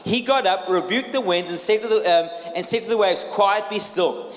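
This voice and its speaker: A man's voice: high voice, fairly quick. A man preaching a sermon in an emphatic manner, repeating key phrases and asking the crowd questions. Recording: echoey hall with long reverb.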